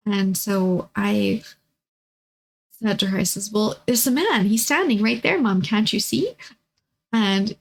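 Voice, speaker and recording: A woman's voice: mid-range voice, gravelly, poor audio. A woman telling personal stories in a rambling monologue, full of fillers and restarts. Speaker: spiritual vlogger.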